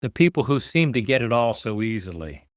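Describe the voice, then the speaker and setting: A man's voice: medium pitch, very animated, a little fast, dry recording, studio quality. Earnest older man telling his story. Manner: earnest, repeats words as he builds a point. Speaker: guest, author and nonprofit founder. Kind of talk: podcast interview storytelling.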